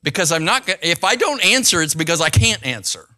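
A man's voice: on the high side, big pitch swings, a little fast, pushed and bright, faint music behind. An older man, a pastor, preaching a sermon in a conversational way and checking in with the congregation as he goes.

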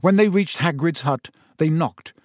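A man reading a novel aloud as a steady, expressive audiobook narrator. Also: fairly high pitch, measured pace, no echo, studio quality. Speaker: audiobook reader. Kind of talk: storybook narration.

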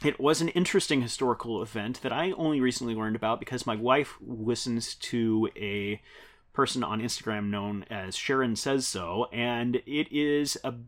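A man's voice: medium pitch, normal speed, fairly bright tone. A man in his thirties hosting a podcast in a casual, rambling style, often chuckling as he talks. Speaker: podcast host. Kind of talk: casual chat.

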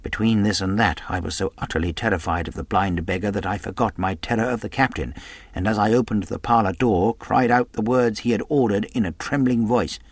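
A man narrating a classic adventure novel as an audiobook in a measured storytelling delivery. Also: on the low side, no echo.

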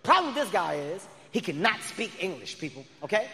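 High-voiced man doing animated stand-up. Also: brisk, slight background noise. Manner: animated storytelling with loud outbursts. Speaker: stand-up comedian. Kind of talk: stand-up comedy set. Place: large arena stage. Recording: live arena with long reverb.

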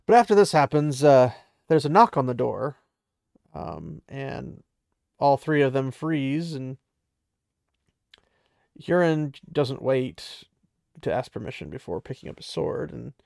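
Casual guy recapping a book, gravelly voice, dry close sound, laughs a lot. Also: medium pitch, slow, long pauses, darkish tone, no echo. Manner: chatty, laughs often, many fillers.

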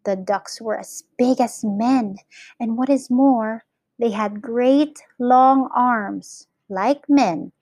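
Slow, clear woman reading a children's story. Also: fairly high pitch, no echo. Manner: slow, clear storytelling with lively character voices. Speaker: English teacher. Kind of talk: children's story read-aloud.

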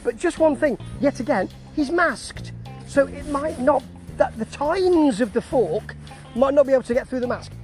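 A vlogger recaps a wrestling show in an easy, conversational manner. The delivery is full of dry asides and self-corrections, at a middling pitch. Soft music plays faintly in the background. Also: poor audio. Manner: chatty and wry, with asides and restarts. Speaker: wrestling reviewer. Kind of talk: casual spoken review.

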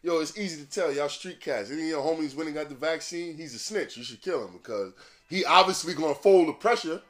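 A man's voice: on the high side, fast, a bit bright. A man hosting a podcast in a casual, rambling monologue, swearing freely and laughing at his own jokes. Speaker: podcast host.

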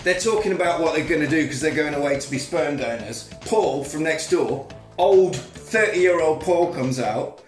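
A man's voice: fairly high pitch, expressive, moderate pace, echoey room, faint music behind. A man on a podcast, casually recapping a film plot and swearing freely. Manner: swears freely, retells plot with mocking voices. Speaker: podcast co-host. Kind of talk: casual film-review chat.

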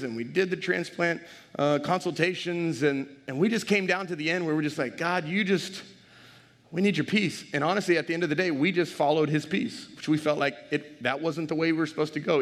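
A middle-aged male pastor preaching a lively, humorous sermon in a large church, sometimes rising to a shout. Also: high voice, long reverb tail.

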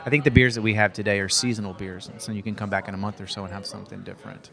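A man's voice: lowish voice, fairly even intonation, gravelly, a bit bright. A man co-hosting a podcast at a brewery, speaking thoughtfully and steering the talk. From Arkansas. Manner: thoughtful, measured, hosts the talk. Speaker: podcast co-host. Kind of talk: casual chat. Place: brewery taproom.

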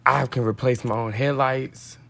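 A man's voice: medium pitch, steady tone, normal speed, creaky, fairly bright tone. A man hosting a podcast, reading a daily devotional in a casual, slangy way with tangents. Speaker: podcast host.

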